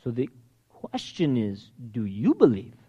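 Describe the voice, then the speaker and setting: Animated preacher man acting out scripture. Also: mid-range voice, unhurried, slightly rough, highs cut off. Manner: animated, acts out quoted pleas in hushed then loud voices. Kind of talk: sermon.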